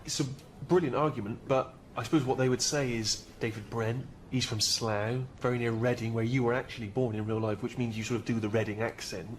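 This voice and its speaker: A man's voice: medium pitch, steady tone, fairly quick, few pauses, a little hiss or hum. Hesitant, polite male interviewer. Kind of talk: comedy sketch.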